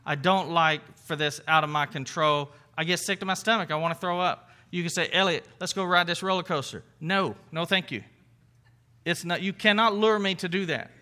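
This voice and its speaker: A man's voice: a little high, normal speed, bright, forceful tone. A man preaching as a pastor in a conversational sermon, earnest and playful, often restarting his sentences.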